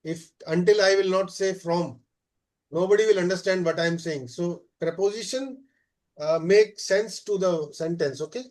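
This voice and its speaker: Male German teacher, fairly high voice, patient and halting, keeps asking "okay?". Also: a little mellow. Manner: explains slowly, checks with frequent "okay?"; many "uh" fillers. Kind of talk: live class lesson.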